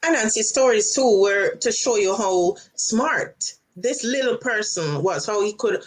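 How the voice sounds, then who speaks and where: Slow-talking thoughtful woman. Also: mid-range voice, lively intonation. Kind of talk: casual chat.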